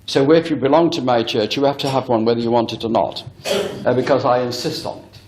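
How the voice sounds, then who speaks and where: A medium-pitched, steady, darkish male voice speaks briskly, with a little hiss or hum on the echoey hall recording. He is a medium giving a spiritualist lecture, telling a story to a live audience with earnest emphasis and frequent direct address.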